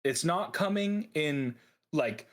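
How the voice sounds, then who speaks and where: A man's voice: on the high side, animated, slow. A man narrating as game master of a tabletop game, often laughing while he talks.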